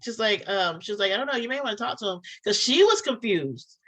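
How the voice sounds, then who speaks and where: A woman's voice: mid-range voice, animated, fast talker, fairly bright tone, rough recording. A woman chatting casually, telling a story and acting out both sides of phone calls. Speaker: podcast co-host telling a story.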